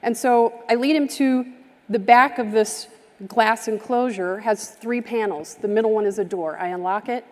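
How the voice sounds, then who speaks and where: A woman's voice: on the high side, normal speed, a little mellow. A woman speaking at a summit, telling a heartfelt story with vivid detail and acting out the people in it. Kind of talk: storytelling keynote talk. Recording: live stream from a reverberant hall.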